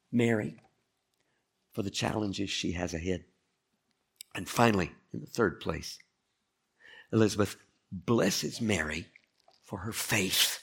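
A man's voice: lowish voice, vocal fry, breathy edge. A male pastor preaching a conversational sermon, often turning to ask the listeners questions. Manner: conversational, asks the congregation questions.

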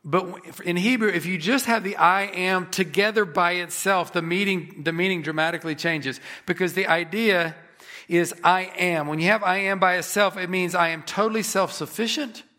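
A man preaching a sermon, emphatic, rising on key phrases and slowing down for effect. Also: high voice, steady tone, sharp tone. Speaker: pastor.

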